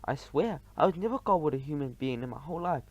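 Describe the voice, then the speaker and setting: A man's voice: on the high side, lively intonation, fast talker, a little mellow, muffled recording. Man doing a screaming terrified giant. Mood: begging. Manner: screaming, pleading in broken grammar. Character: huge brutish man-eating giant, terrified.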